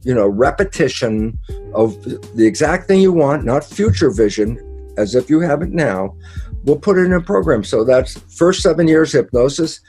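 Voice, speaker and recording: Male interview guest with a mellow, mid-pitched voice. Lively storyteller who acts out his own quotes, over faint background music. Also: normal speed, breathy edge. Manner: emphatic and repetitive, with occasional laughs and mild swearing. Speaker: guest speaker, biologist. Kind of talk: conversational explanation in an interview.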